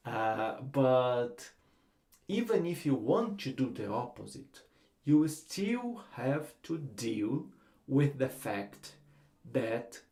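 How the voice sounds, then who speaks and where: A man with a Brazilian accent, giving a relaxed guitar lesson and explaining technique with frequent fillers. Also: mid-range voice. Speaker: guitar teacher. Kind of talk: instructional lesson.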